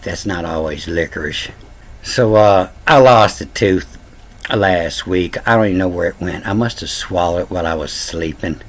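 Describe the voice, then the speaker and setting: Rambling older man, low voice. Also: a bit bright. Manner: rambling, folksy, meandering asides. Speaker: channel host. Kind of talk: casual talk on word origins.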